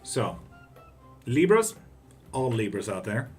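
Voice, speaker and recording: A man's voice: mid-range voice, slow, soft background music. A man hosting a live tarot stream, casually chatting, swearing freely and answering viewers' messages. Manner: relaxed, swears freely, greets and answers chat. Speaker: tarot reader and livestream host.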